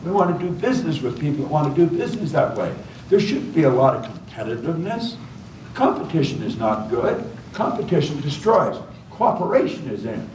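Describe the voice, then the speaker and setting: An older man, a motivational speaker, giving a seminar in a hotel function room and leaning into emphatic stories. His voice is fairly high for a man and swings lively up and down. It carries from some distance off the mic, with roomy echo and faint background noise. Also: a little fast. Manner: emphatic storytelling, repeating key phrases. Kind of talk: seminar talk to a live audience. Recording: echoey hall, voice from far off.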